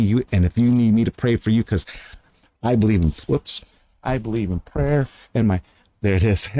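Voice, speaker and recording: A man's voice: on the low side, a little mellow, dry recording. A man chatting casually to camera outdoors, earnest and rambling, often losing his train of thought. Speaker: vlogger.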